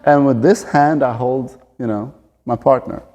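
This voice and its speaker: A man in his forties talks straight to camera, earnest and direct as he coaches the listener on staying fit. His voice is mellow and relaxed. The sound carries the long reverb of a big gym room. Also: medium pitch, measured pace, lo-fi sound. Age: 40s. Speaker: fitness and fighting coach. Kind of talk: motivational talk to camera.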